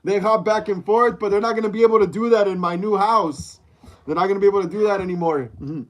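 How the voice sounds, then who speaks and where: Speaking fast in a high-pitched voice, a livestream host chats casually from a room at home mid-move. He keeps greeting viewers and reads the chat out loud.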